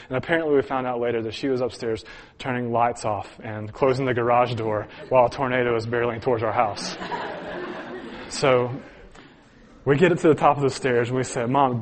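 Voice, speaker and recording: A man preaching, telling a personal story to his congregation with earnest, chuckling delivery and frequent restarts. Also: mid-range voice. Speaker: pastor. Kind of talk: sermon storytelling.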